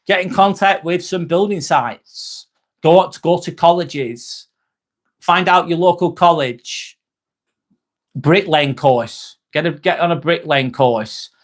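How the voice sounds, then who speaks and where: Guy on a live stream, slightly high voice, earnest, keeps repeating himself, calls folks mate. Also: slow. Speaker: live-stream host reading viewer comments. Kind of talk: casual live-stream chat.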